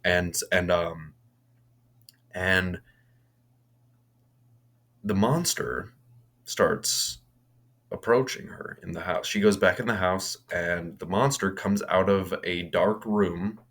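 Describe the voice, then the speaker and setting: A man's voice: sits low, slow, pauses often, a bit bright. A young man casually recapping a horror film, rambling with many restarts and casual swearing. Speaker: movie reviewer.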